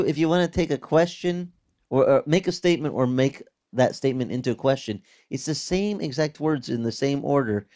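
A male pastor preaching a sermon, reading scripture and explaining it in a conversational, animated teaching manner with vivid reenactments. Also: medium pitch.

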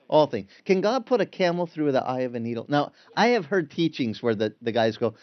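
A man preaching a sermon, conversational and animated, acting out the voices of people in the story. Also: medium pitch, a little fast, hardly any pauses, highs cut off. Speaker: pastor.

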